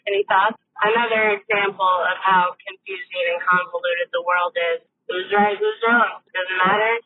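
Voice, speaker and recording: Woman host on a tinny phone-like line. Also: medium pitch. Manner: candid, rambling storytelling. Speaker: podcast host. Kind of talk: casual monologue.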